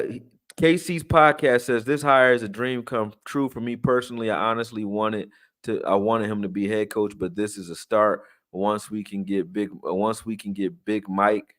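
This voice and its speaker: A man's voice: lowish voice, fairly bright tone. A man hosting a live sports channel, talking casually through game film with slang, fillers and restarts, and he is tired. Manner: loose and chatty, slangy, many fillers and restarts. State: tired, yawning.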